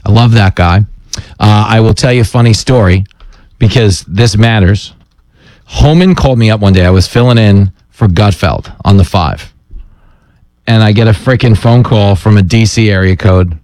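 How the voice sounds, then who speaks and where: A middle-aged man hosting a radio talk show, joking and self-deprecating with quick asides. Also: fairly low pitch, darkish tone, no room sound. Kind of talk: casual talk radio banter.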